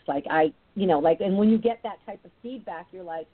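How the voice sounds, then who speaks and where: A woman's voice: fairly low pitch, fairly quick. A woman hosting an interview, supportive and affirming toward her guest. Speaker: podcast host. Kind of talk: interview conversation. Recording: tinny phone-like audio.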